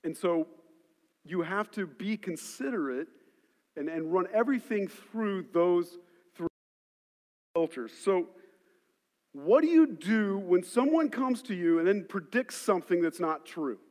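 A man preaching a sermon as pastor, telling stories and shifting between loud emphasis and quiet asides. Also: high voice, animated, unhurried, long pauses. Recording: long hall reverb.

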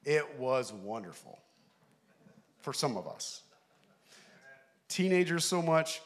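A middle-aged man preaching a sermon, telling a story animatedly, laughing along and shouting the lines he quotes. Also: fairly high pitch, big pitch swings, slow. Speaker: pastor.

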